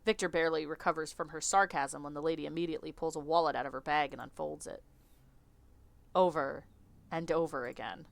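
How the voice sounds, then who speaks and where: A woman streamer reading a visual novel aloud in an animated, chatty way, often laughing. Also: deep voice, brisk, vocal fry.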